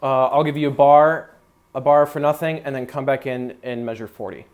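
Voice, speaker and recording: A man's voice: medium pitch, fairly even intonation, moderate pace. A young man coaching a small brass ensemble in rehearsal, talking casually with lots of fillers and singing out syllables to demonstrate articulation. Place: rehearsal room with brass players.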